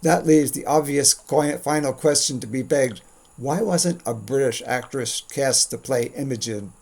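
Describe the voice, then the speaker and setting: Man, gravelly voice, wry opinionated commentary, scripted monologue. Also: mid-range voice, measured pace, a little mellow. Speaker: commentary host.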